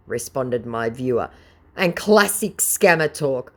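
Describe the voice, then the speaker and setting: A woman's voice: very deep voice, expressive, normal speed. A woman hosting a channel, reading a chat exchange aloud with sarcastic, mocking commentary. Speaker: channel host.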